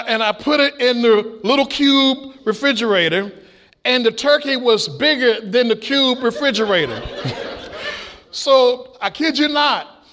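A middle-aged man preaching a sermon, with shouted peaks and folksy stories. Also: very high-pitched, slight background noise. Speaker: pastor.

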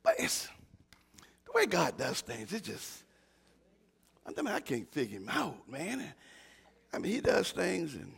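An older man preaching a sermon, moving from quiet, halting talk with repeated words to shouted, fired-up preaching. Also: on the high side, huge pitch swings, gravelly, husky.

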